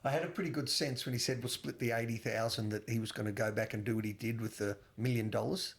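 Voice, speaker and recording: A man's voice: medium pitch, steady tone, fast. A man co-hosting a casual film podcast, talking enthusiastically with laughter and swearing. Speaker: podcast co-host. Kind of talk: casual chat.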